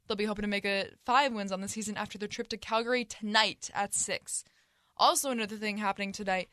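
A woman's voice: a little high, a bit bright, no echo. A teenage girl reading the sports update on a student radio show, upbeat and scripted.

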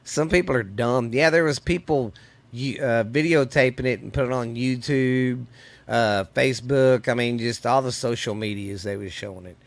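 Speaking at a moderate pace in a mid-range voice that sounds a little sore, a middle-aged podcast host from Louisiana rambles casually in a Southern Louisiana accent. He swears freely and calls listeners "baby." The recording is dry and the audio poor.

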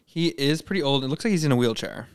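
A young man chatting on a podcast with a smooth, clear voice. His pitch swings a lot as he jokes and laughs along. He keeps the talk light and playful. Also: animated, quick pace. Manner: playful, laughs often, jokey asides. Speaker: podcast co-host. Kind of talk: casual chat.

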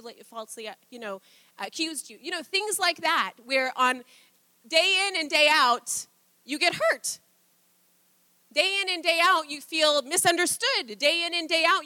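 Woman preacher, high and bright, close dry sound, casual sermon with frequent laughs. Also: no room sound. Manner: chatty, laughs often, acts out quotes. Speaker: pastor. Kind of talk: conversational sermon.

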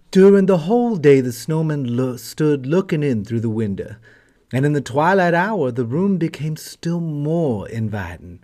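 A man narrating a fairy tale as host of a storytelling channel, gentle and affectionate. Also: a little high, very animated, measured pace.

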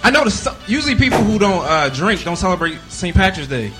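Brief: man, stand-up set, drawling and relaxed, high voice. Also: quick pace, music in the background. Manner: laid-back, drawling asides. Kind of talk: stand-up comedy.

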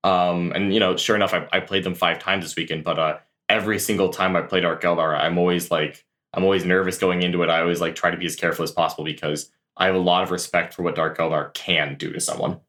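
Male guest, very low voice, earnest and thoughtful interview answers. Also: little pitch movement, fast talker, few pauses, fairly bright tone. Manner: thoughtful, earnest, with many fillers and restarts. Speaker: guest tabletop tournament player. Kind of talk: casual podcast interview answers.

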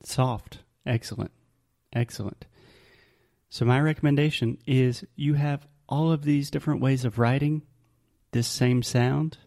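A man's voice: mid-range voice, fairly even intonation, vocal fry, a little mellow. A man with a Southern US accent, patiently teaching English pronunciation through examples in a casual chat. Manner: patient, explains slowly with examples.

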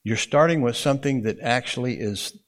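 A man's voice: medium pitch, a little fast. A man teaching a Bible interpretation class, explaining in a folksy way and often checking in with the room. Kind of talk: classroom lecture.

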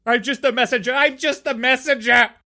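A man reading a story aloud voices a cheerful young male singing-telegram messenger who raps his message in a high, bright voice. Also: fairly even intonation, a little fast, full character voice. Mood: pleading. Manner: raps brightly, then pleads in panic.

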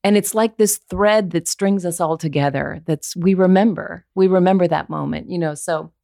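A woman's voice: on the low side, normal speed, gravelly, dark tone, no echo, clean studio sound. A woman voiceover actor, a guest on a podcast, talking in a candid, earnest way as she thinks aloud. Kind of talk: casual interview chat.

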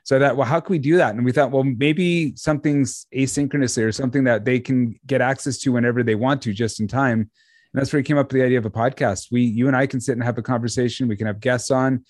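Relaxed chatty man, dry close sound. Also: medium pitch, fast talker, no room sound. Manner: relaxed, chatty, laughs easily. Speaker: podcast co-host, trades education developer. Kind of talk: casual conversational podcast chat.

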